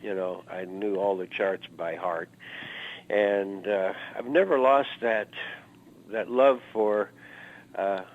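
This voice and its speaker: A man's voice: fairly low pitch, fairly even intonation, slow. Older man reminiscing over a phone line. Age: 70s. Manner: rambling, anecdotal, lots of "uh" fillers. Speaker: guest musician. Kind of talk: reminiscing interview storytelling. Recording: narrow phone-like interview audio.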